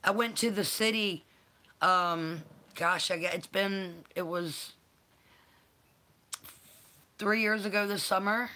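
Woman, unhurried, bright voice, affectionate live-stream host. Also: mid-range voice, steady tone. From North Carolina. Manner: affectionate, calls viewers honey and baby. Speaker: channel host. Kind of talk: live-stream chat, greeting viewers.

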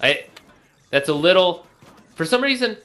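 Bright-voiced, animated man gaming. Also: high-pitched, moderate pace. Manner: animated, jokey, exclaims loudly. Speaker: co-op player. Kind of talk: casual game commentary.

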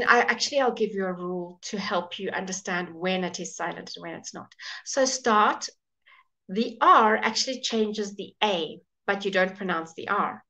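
A woman teaching English pronunciation in a live online class. She says each example word slowly, repeats it, and greets viewers by name as she goes. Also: medium pitch, bright, forceful tone. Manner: models words slowly and repeats them.

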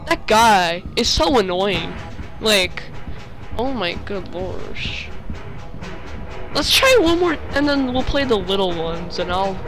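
A young male gamer giving rambling, excitable commentary while playing, often breaking into sudden outbursts. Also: sits high. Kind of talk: game commentary. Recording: faint music behind.

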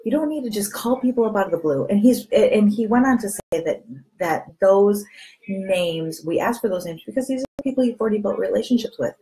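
On a rough recording, a woman with a medium-pitched, brisk voice gives her direct sales team a candid, chatty pep talk to camera. She's animated, keeps repeating catchphrases, and acts out exchanges with friends using different voices for them.

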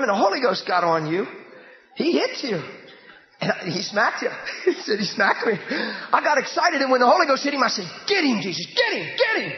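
A man preaching a sermon, emphatic and often shouting, then suddenly dropping to a hushed voice. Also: sits high, echoey room, long reverb tail, dull audio. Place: church hall.

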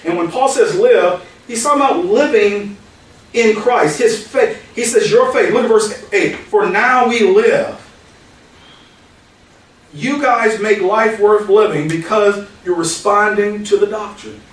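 A man preaching as a pastor in a conversational teaching style, with a fairly high voice. The room is very echoey and he sounds set back from the microphone, with faint noise underneath. He moves between quoted scripture and casual stories. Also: measured pace. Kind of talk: verse-by-verse Bible teaching. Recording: echoey hall, mic at a distance.

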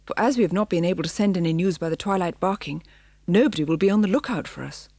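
A woman's voice: on the low side, fast, mellow, no echo. A woman voicing a proud, courteous male dalmatian who speaks politely and earnestly in an audiobook.

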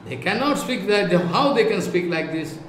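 A man's voice: high-pitched, animated, moderate pace, fairly bright tone. A man with an Indian English accent giving a devotional lecture, repeating his points emphatically and reciting Sanskrit verses. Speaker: spiritual teacher. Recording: echoey room, faint background noise.

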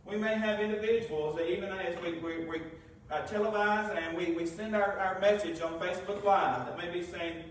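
A man's voice: high-pitched, fairly even intonation, normal speed, slight background noise. A man preaching a sermon, reading scripture aloud and asking the congregation questions. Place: church sanctuary. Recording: very echoey room, mic far off.

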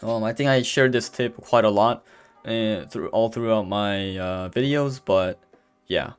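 A man's voice: on the low side, measured pace, clear, resonant tone. A man giving a casual gameplay voice-over, rambling with many fillers and restarts and openly stumbling over his words. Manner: says he is stuttering and can barely speak. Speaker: gameplay commentator. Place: voice-over recorded apart from the footage. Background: faint background music.

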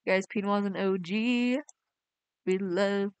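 A woman's voice: mid-range voice, lively intonation, a little slow, pauses often, clean tone, no echo. A young woman, chatting casually on a game live stream and reading her chat aloud in a bubbly way. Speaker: game livestreamer.

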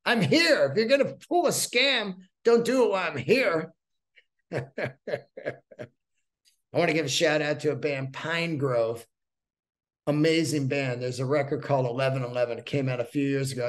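A man in his fifties hosting a casual solo podcast as a stand-up comedian, rambling through profane stories and acting out the dialogue. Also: mid-range voice. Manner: profane, rambling storyteller who acts out quoted dialogue.

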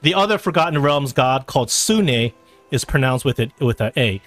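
A man's voice: medium pitch, lively intonation, normal speed, fairly bright tone, soft background music. Chatty guy running a tabletop game, rambles, lots of ums, mid voice. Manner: rambling, chatty, full of fillers. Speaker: game master.

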